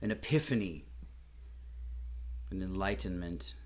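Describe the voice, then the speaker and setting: A middle-aged man telling a comic story in a deadpan, mock-solemn, formal way. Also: sits low, unhurried. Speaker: comedian.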